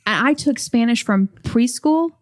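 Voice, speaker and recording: A woman's voice: fairly high pitch, expressive, measured pace. A woman talking casually as a podcast guest, full of "like" fillers. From United States. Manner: chatty, many "like" fillers. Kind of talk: casual chat.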